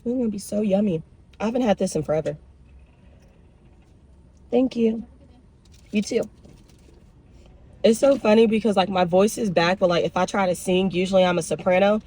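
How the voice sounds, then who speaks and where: A woman's voice: medium pitch, moderate pace, long pauses, husky. A young woman vlogging from her car, chatting casually and emotionally to her viewers. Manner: chatty, emotional and animated, addresses viewers as y'all. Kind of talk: casual chat. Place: in a car on a drive-thru run. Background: vehicle noise.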